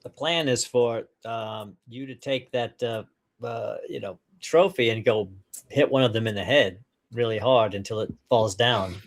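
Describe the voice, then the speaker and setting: A man playing a tabletop game, laying out plans in a halting way with many fillers. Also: mid-range voice. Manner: hesitant, halting planning with fillers. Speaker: player. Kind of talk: casual tabletop game play.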